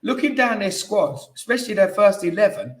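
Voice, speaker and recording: A man co-hosts a casual football podcast, easygoing and joking, with plenty of asides. His voice sits slightly high. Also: lively intonation, a little fast. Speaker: podcast co-host.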